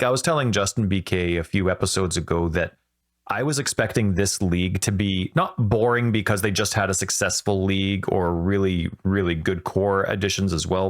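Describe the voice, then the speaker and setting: A man hosting a gaming podcast, talking in a rambling, excitable way and often correcting himself mid-sentence. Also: low voice. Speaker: podcast host. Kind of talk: casual podcast chat.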